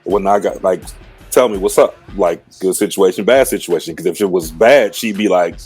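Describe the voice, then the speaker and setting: Male coach, relaxed joking talk, lowish, husky. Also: moderate pace, faint music behind. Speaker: assistant basketball coach. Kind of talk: casual video interview.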